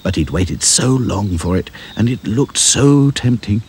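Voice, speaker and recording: A man narrating a children's storybook in a lively, sing-song way. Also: fairly low pitch, a little slow, a little hiss or hum. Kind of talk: storybook reading.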